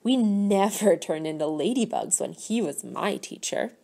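A woman's voice: medium pitch, animated, a little slow, creaky, mellow. A woman voicing a nervous young schoolgirl in a storybook read-aloud. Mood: worried.

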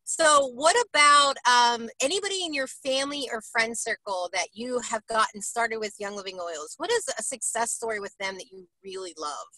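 A woman's voice: fairly high pitch, lively intonation, moderate pace, few pauses, pushed and bright, no echo, rough recording. A woman hosting a casual interview, gushing and enthusiastic, often tagging her points with "right?". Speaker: interviewer and host.

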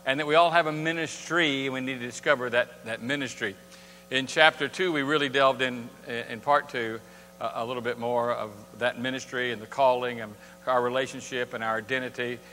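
A man's voice: medium pitch, fairly even intonation, a little fast, sharp tone, a little hiss or hum. A man preaching a sermon in a church, talking conversationally and asking his congregation rhetorical questions. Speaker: pastor. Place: church sanctuary. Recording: long church hall reverb.

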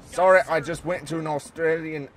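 An American man giving casual joking commentary over a war strategy game, talking to his soldiers and sometimes yelling at them. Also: on the high side, steady tone, fairly quick, a little hiss or hum. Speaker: gameplay commentator. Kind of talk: casual let's-play commentary.

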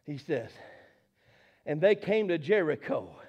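A man preaching a fervent sermon, repeating phrases and rising to shouts. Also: fairly high pitch, sing-song, a little slow, breathy edge, lo-fi sound.

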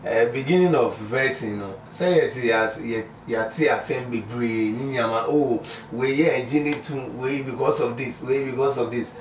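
A man with a Ghanaian accent answers an interviewer in a halting, stop-start way, switching between pidgin English and Twi. He sits back from the microphone, so his voice comes through with some echo. A faint background noise runs beneath it. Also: mid-range voice. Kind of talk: casual street interview. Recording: echoey, distant mic, faint noise.

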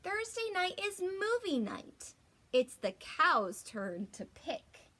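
This young adult teacher reads a picture book to a group of children in a very high-pitched voice, taking her time. She is gentle and expressive, slipping in gasps and whispers along the way.

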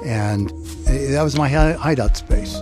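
A man telling a personal story in a reflective, halting way. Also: mid-range voice. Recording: produced podcast with music bed.

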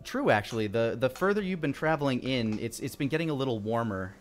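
A man's voice: mid-range voice, fast. Guy running a tabletop game, easygoing narration, middle-range voice. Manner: relaxed narration with fillers and restarts. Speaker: dungeon master.

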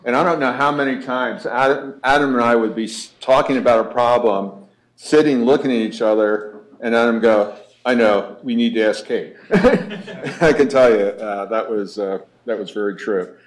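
A man introducing the next speaker at a conference, relaxed and anecdotal, pausing often with "uh". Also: mid-range voice. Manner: relaxed, anecdotal, many "uh" pauses.

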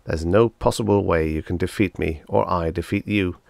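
Guy doing a big mocking alien swordsman, deep gravelly voice, scornful storybook villain. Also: moderate pace, darkish tone, no echo. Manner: scornful, taunting.

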